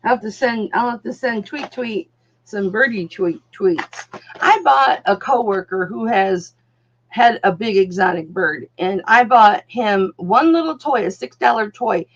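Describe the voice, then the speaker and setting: Gravelly-voiced woman hosting a live jewelry auction. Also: mid-range voice, unhurried, slight background noise. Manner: chatty, calls viewers darling, honey and doll. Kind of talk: casual live-stream selling chat. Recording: dull lo-fi sound.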